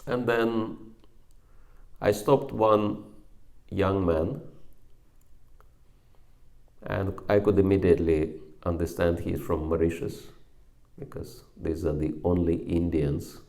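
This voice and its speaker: A man with a Russian accent giving a sermon as a monk preacher, measured and hesitant, pausing between phrases. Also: low-pitched, little pitch movement, gravelly, a little mellow. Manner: slow, measured, with pauses and hesitations.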